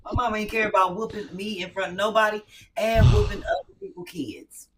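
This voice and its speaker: In loose comedic podcast banter, the woman host swears freely, jokes boldly, and performs scolding mothers in vivid voices. She talks fairly fast in a mid-range voice, and the mic sits at a distance with faint noise.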